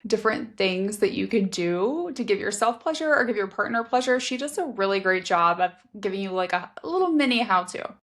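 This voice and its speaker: A woman's voice: mid-range voice, animated, brisk, few pauses, fairly bright tone. A woman co-hosting a podcast who agrees and adds her own points in a casual book chat. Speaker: podcast co-host.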